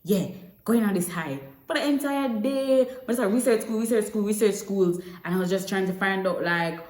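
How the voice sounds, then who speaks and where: A woman's voice: medium pitch, normal speed, darkish tone. A young woman with a Jamaican accent telling a personal story to camera in a chatty way, slipping between English and Patois. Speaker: vlogger. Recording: echoey room.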